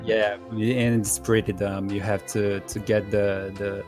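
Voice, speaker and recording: A man telling a story about his race in a halting way, repeating words and chuckling. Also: fairly low pitch, little pitch movement, over music. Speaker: racer being interviewed. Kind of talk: casual post-race interview.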